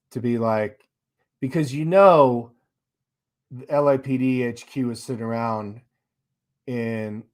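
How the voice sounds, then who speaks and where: A man runs his own live stream, chatting casually and reading viewer comments aloud. His delivery is loose and sarcastic, and he breaks into laughter along the way. His voice sits at an ordinary middle pitch.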